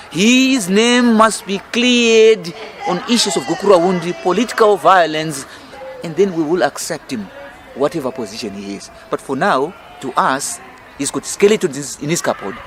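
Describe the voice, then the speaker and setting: A middle-aged man with a Zimbabwean accent speaks in a fiery, emphatic, rhetorical way, pressing each point as a campaign leader. His voice sits somewhat high for a man, with a faint hum of outdoor city sound behind him. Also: expressive, moderate pace. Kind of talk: political interview. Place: outdoor restaurant in city gardens.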